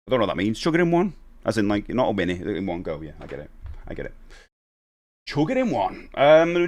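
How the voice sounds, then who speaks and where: A man chatting casually on a live stream, rambling and reading viewer comments aloud. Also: lowish voice.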